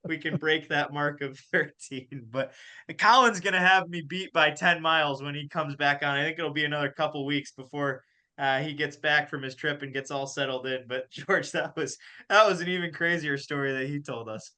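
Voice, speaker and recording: Bright-voiced young man telling a story. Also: on the high side, fairly quick. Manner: animated, laughs through his stories. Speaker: podcast host and college golf coach. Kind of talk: casual storytelling chat.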